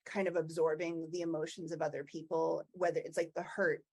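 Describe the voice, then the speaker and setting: A woman's voice: sits low, level tone, fairly quick, a little mellow, slightly rough. A woman co-hosting a podcast, speaking in an open, reflective and chatty way in casual conversation. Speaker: podcast co-host, agile coach. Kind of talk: casual chat.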